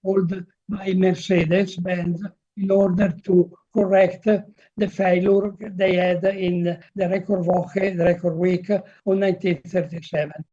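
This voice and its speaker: Give me an older Italian-accented man presenting slides over a video call, mellow voice, muffled sound. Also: high voice. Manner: halting, with frequent fillers and restarts. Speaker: guest presenter, motor historian.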